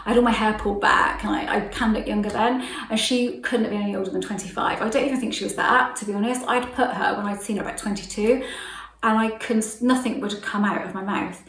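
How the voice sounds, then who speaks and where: A woman's voice: mid-range voice, steady tone, quick pace, a bit bright, echoey room, recorded from a distance, poor audio. A middle-aged woman telling a story to camera in a chatty way, laughing often and acting out what people said. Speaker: vlogger.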